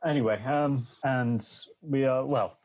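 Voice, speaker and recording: A man's voice: medium pitch, unhurried, narrow, tinny audio, lightly acted. A man voicing a nervous male playwright in a tabletop horror game, hesitant and apologetic, stumbling over his words. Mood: polite.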